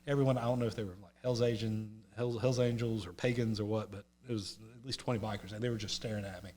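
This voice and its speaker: A man's voice: on the low side, steady tone, fast, darkish tone. A man from North Carolina with a Southern American accent, a podcast guest who tells a rambling, self-mocking story with many restarts. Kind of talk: casual storytelling.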